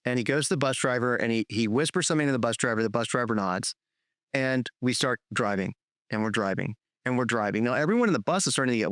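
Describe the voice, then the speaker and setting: A middle-aged man hosting a podcast, telling long stories in a loose, profane, animated way with many restarts. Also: mid-range voice, fast talker, no room sound, clean studio sound. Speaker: podcast host, filmmaker. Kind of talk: casual storytelling chat.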